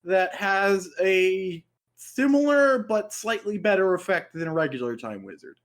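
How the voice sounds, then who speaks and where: High-voiced rambling man. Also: lively intonation, a little slow. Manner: rambling, self-correcting, jokey. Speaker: podcast co-host. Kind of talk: casual chat.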